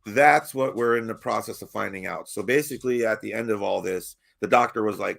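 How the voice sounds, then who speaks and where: A man's voice: lowish voice, brisk, creaky, hardly any pauses, a bit bright. A man from Baltimore telling a long, rambling story on a podcast, swearing, laughing and restarting sentences often. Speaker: podcast host. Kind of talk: casual storytelling chat.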